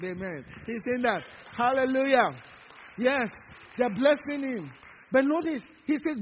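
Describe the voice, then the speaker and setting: Speaking at a measured pace in a very high voice, a male preacher draws out words for emphasis and trades call-and-response with his congregation. The church sanctuary recording sounds dull, lo-fi, and reverberant.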